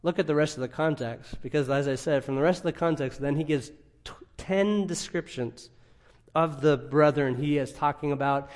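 A man preaching an expository sermon, asking rhetorical questions and swinging between loud emphasis and quiet asides. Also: on the high side. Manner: emphatic, rising and dropping in volume, rhetorical questions. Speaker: pastor.

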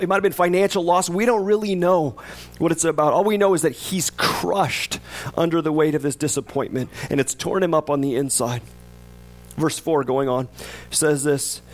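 A male pastor with a voice a little high for a man preaches conversationally, repeatedly asking the congregation questions. When acting out the psalmist's words, he builds in rising intensity.

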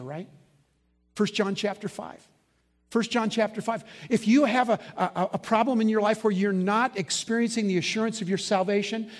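A man preaching a sermon as pastor, emphatic, slowing down to stress key words and asking the congregation to fill in the answers. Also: high-pitched.

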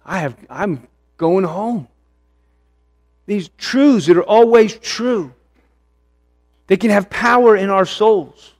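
Earnest high-voiced male preacher. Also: a little mellow. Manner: earnest, with emphatic repetition and slow stressed phrases. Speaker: pastor. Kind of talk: sermon.

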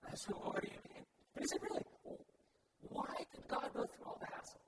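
This is a pastor preaching with real earnestness, stacking up his points by repeating emphatic phrases. He talks fairly quickly and sits at a distance from the mic. There's heavy noise in the background.

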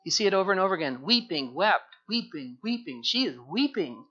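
A man preaching an expository sermon, earnest and repetitive, moving from hushed tones to fervent emphasis. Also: high voice, sing-song, brisk, lo-fi sound. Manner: earnest, repeats words, swings from hushed to fervent. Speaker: pastor.

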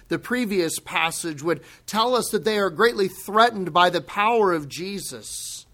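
A man preaching a sermon, slow and deliberate, breaking into dramatic exclamations for emphasis. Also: sits high, fairly bright tone. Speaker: pastor.

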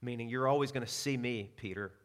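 A man preaching a sermon as pastor, telling personal stories with self-deprecating asides and dropping to a hushed tone for scripture. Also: mid-range voice, fast talker.

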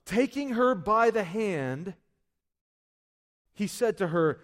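A man's voice: high-pitched, expressive, slow, pauses often. A male pastor preaching a sermon in a conversational way, full of asides and restarts. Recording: long hall reverb.

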